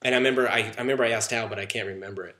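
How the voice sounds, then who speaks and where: A man's voice: on the low side, steady tone, rapid-fire, bright, forceful tone. A young man in casual chat with friends, telling a story animatedly and swearing freely. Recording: roomy sound with faint noise.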